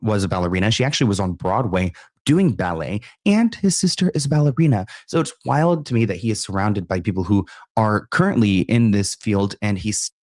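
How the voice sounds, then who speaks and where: A man co-hosting, reading out comments and explaining calmly. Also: on the low side, a little fast, no echo, clean studio sound. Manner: calm, explanatory.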